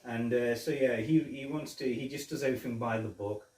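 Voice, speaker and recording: A man's voice: medium pitch, fairly even intonation, fairly quick, darkish tone. Guy chatting about a movie, kinda far from the mic, roomy echo. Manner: rambling, retells movie scenes with quoted lines. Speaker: podcast host. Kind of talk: casual film review chat.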